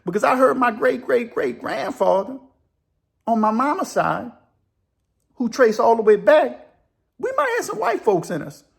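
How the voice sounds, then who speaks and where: A joking old convict, put on by a storyteller, pitched well above the teller's own voice. He drawls and teases, tossing "man" into nearly every line. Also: sing-song, unhurried, gravelly, pauses often, breathy edge, exaggerated voice. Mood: teasing. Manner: drawling, teasing, says "man" a lot. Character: teasing old male convict, joker.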